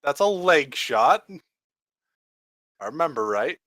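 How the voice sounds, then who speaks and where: A man's voice: a little high, sing-song, slow pace, fairly bright tone, dry recording, clean studio sound. A man acting as game master, ruling on rolls and damage in a tabletop game. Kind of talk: running a tabletop game over voice chat.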